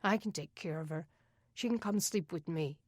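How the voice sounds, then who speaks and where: A woman voicing a protective, wary young boy who speaks softly, almost in a whisper. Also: lowish voice, moderate pace, no room sound, studio quality, close to an everyday voice. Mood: quiet. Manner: hushed, soft-spoken.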